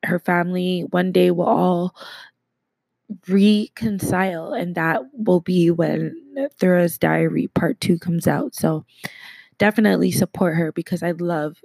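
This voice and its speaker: A woman hosts her podcast alone, rambling warmly through shout-outs with a slight lisp. Her voice carries a bit of vocal fry. The sound is dry and close, with no room around it. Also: on the low side, steady tone, a little slow, no room sound. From Canada. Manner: enthusiastic, rambling, many fillers and shout-outs. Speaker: podcast host. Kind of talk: casual solo podcast segment.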